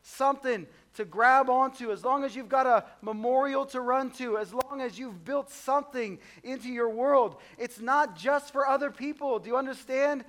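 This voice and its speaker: A man preaching a sermon in a conversational, humorous way, swinging between soft low asides and loud high exclamations. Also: moderate pace, few pauses. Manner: conversational and humorous, acts out voices of the disciples. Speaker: pastor.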